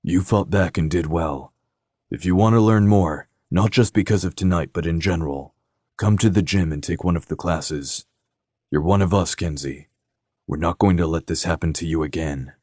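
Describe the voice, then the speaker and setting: A man voicing a gruff, laconic brother in an audiobook, speaking bluntly. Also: low voice, moderate pace, darkish tone, no echo, clean studio sound. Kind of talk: audiobook character voice.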